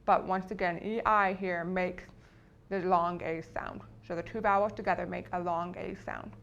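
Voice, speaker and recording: Patient woman teaching phonics, low voice. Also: steady tone, moderate pace, vocal fry, a bit bright, highs cut off. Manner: patient, explanatory, asks rhetorical checks. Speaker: teacher educator.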